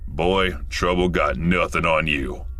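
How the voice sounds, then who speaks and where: A man voicing a gruff, amused old man customer who makes slow, dry remarks in a narrated story. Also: deep voice, steady tone, bright, forceful tone, no echo, soft background music, full character voice.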